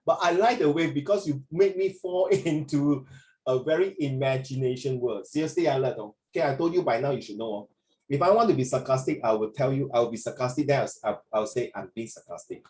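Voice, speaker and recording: A Singaporean-accented man gives online class feedback over a video call, tutoring in a brisk, medium-pitched, darkish voice. He's chatty and mixes in Mandarin, and the room sounds echoey.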